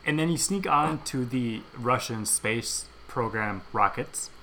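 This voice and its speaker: A man co-hosting a comedy podcast, earnestly pitching absurd ideas with a straight face. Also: measured pace, bright, forceful tone, slight background noise. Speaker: podcast co-host. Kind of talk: comedic banter.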